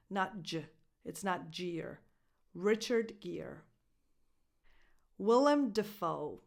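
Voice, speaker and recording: Woman coach, deliberate pace, breaks words into syllables for learners. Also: mid-range voice. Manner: slow, careful, repeats words syllable by syllable. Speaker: English pronunciation coach. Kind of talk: pronunciation lesson to camera.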